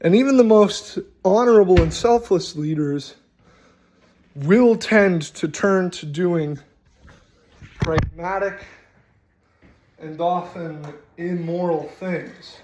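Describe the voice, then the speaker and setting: A man hosting a casual, rambling talk on tabletop role-playing, animated and full of swearing. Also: high-pitched, takes it slowly, long pauses, slight background noise. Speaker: host.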